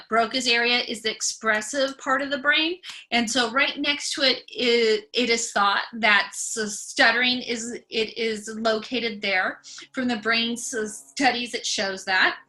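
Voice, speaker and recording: A young adult woman gives a recorded classroom lecture, stuttering and repeating the starts of words. Her voice is fairly high, pushed and bright.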